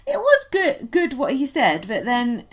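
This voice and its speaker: A woman's voice: high voice, a little slow. A woman co-hosting a casual chat, animatedly retelling reality TV moments and slipping into quoted voices. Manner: chatty, animated retelling with frequent quoted impressions. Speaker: podcast co-host.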